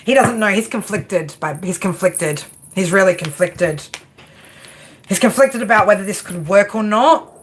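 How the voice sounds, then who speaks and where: A woman's voice: mid-range voice, animated, moderate pace, background noise. A woman giving a live tarot reading in a brash, chatty way, swearing freely and calling her viewer girl and baby. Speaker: tarot reader.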